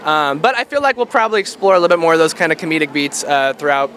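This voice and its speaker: A young man with a bright, slightly high voice talks easily and at length, filling pauses with ums. He is a voice actor giving an interview outdoors at an event. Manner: relaxed, rambling with many fillers. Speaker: voice actor guest. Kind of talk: casual interview.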